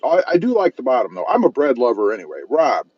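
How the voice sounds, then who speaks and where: A car channel host from South Texas livestreams from his car parked at a fast-food restaurant, eating and reading viewer comments aloud in an easygoing, self-mocking way. His medium-pitched voice is husky and quick, with huge swings in pitch. The recording sounds muffled.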